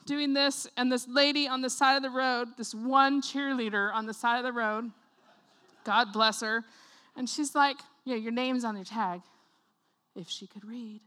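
High bright animated woman preacher. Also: normal speed. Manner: animated storytelling, acts out voices, laughs often. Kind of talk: sermon with personal story.

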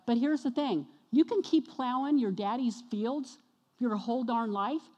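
A woman preaching a sermon to her congregation, energetic and exhorting, often questioning the listeners. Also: a little high, a little slow, lo-fi sound. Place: church sanctuary. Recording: long reverb of a church hall.

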